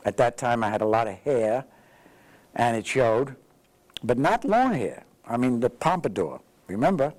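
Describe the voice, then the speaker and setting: A man's voice: mid-range voice, normal speed, low-quality recording. A man, a veteran telling his story in an interview and acting out the dialogue. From the Bronx, New York. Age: 80s. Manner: lively storyteller who acts out dialogue. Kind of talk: anecdotal storytelling.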